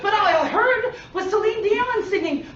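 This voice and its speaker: A woman's voice: very high-pitched, moderate pace. A woman performing a comic tall tale at a speech contest, theatrical and playful, making her own sound effects. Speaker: contest speaker. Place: contest hall. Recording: echoey, dull room recording from far off, noisy.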